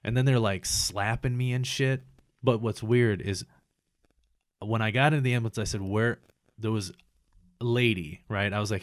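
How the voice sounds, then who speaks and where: Low-voiced man, profane rambling storyteller. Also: moderate pace, pauses often, dry recording, clean studio sound. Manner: profane, rambling, animated retelling. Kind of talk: casual chat, storytelling.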